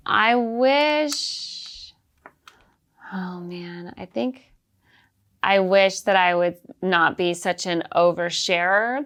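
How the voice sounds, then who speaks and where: A woman comedian with a light Southern accent, chatting casually and telling animated stories. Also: fairly low pitch, vocal fry, clear, resonant tone. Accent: light Southern American, fading in and out. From American South. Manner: chatty, animated storyteller, laughs often. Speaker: comedian guest. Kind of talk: casual chat.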